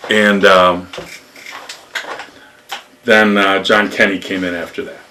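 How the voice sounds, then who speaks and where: An older man from upstate New York, a former lacrosse coach, telling rambling stories in an interview with lively acted quotes. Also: low voice, takes it slowly, far from the mic, a little hiss or hum. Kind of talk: storytelling interview.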